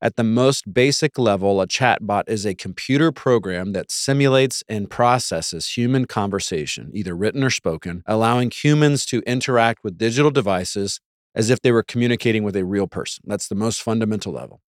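Low-voiced wry man in a dry room. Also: brisk, no echo. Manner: wry, sarcastic asides, mock voices for quotes. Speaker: podcast host. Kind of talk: casual monologue.

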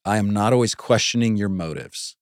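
Low-voiced guy teaching bible stuff on a podcast, chatty and earnest, dry close sound. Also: fairly quick, dry recording. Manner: earnest, conversational, jokes and laughs. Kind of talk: casual teaching talk.

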